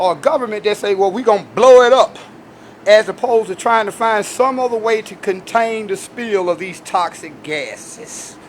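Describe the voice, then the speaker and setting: A man hosting his own video channel, talking straight to his viewers in an animated, emphatic casual commentary. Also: high-pitched, slight background noise. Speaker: video host.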